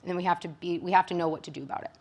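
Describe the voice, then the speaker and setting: A woman from Michigan speaking as a psychologist to a room of caregivers. Her voice sits a little low, and she keeps it conversational, often ending points with a quick question to her listeners. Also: steady tone, vocal fry, a little mellow. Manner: conversational, frequent tag questions. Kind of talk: presentation to caregivers.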